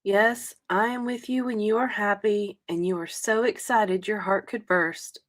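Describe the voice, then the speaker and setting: A woman reading a sentimental passage aloud in a soft, tender, measured way. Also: mid-range voice, steady tone.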